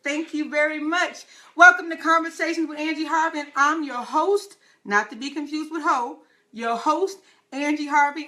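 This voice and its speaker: A woman hosting her own live talk show, chatting excitedly with her listeners and calling them y'all. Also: on the high side.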